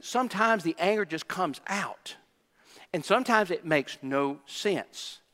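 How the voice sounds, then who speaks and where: A male pastor delivers a sermon with a high, bright voice that rings in the long reverb of a church hall. He hammers his points home through repetition and slips into the voices of the people he describes. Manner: preaches with emphatic repetition, acting out quoted voices.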